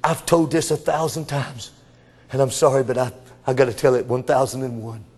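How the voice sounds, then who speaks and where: A man preaching a revival sermon, swinging between shouting and hushed whispers. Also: medium pitch, steady tone, normal speed, husky, long reverb tail. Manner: addresses congregation members as brother. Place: church.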